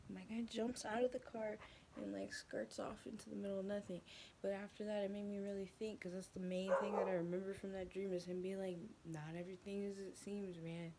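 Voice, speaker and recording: A woman's voice: mid-range voice, steady tone, brisk, noisy background. A young woman chatting casually in her bedroom, telling a rambling story, swearing often and sometimes dropping into a whisper. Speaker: vlogger.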